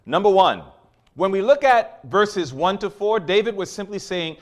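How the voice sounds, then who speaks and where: A male preacher delivering a teaching sermon. His fairly high voice rises and falls with wide swings. He drives his points home with emphatic questions. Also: lively intonation, normal speed.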